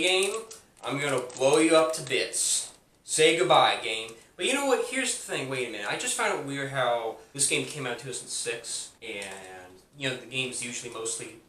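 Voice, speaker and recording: A man's voice: medium pitch, fairly bright tone. Rambling, repetitive game reviewer man. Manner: repetitive, rambling, many fillers. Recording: roomy echo, distant mic, faint hum.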